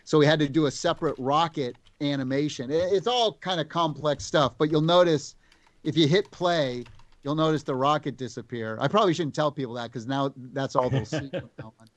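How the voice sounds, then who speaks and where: A man, a game developer guest, telling stories in casual chat, animated and full of restarts. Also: on the high side, brisk, no echo.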